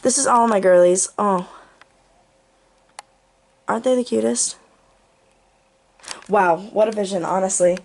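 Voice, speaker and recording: A woman's voice: mid-range voice, measured pace, creaky, pauses often, a little mellow. A young woman giving a goofy, playful tour of her bedroom for her channel, tossing in jokey asides. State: out of breath. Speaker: vlogger. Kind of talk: casual room tour.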